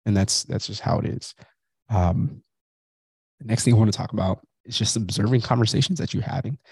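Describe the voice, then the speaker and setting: His fairly low voice is husky and darkish, and he speaks briskly without any echo. The man, in his thirties, hosts a podcast through a migraine, giving a blunt, profane, self-reflective motivational monologue in a casual way.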